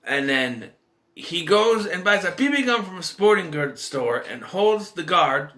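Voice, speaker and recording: Male movie reviewer, casual and rambling, bright voice, lively pitch. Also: unhurried. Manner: rambling, animated, lots of restarts and filler.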